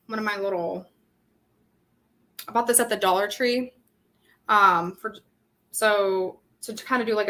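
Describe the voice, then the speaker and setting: A young woman leads a casual live craft tutorial at an unhurried pace. Her voice sits a little high, and she rambles and thinks aloud with plenty of ums. Her throat sounds dry. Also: bright, forceful tone. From Southern California. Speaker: craft workshop host.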